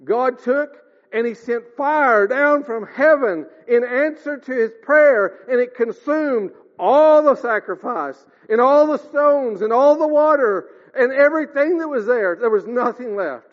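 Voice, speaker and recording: Speaking unhurriedly with lively intonation, a man delivers an earnest sermon, often calling his audience dear ones as his pitch rises and drops. The audio is lo-fi and carries long hall reverb.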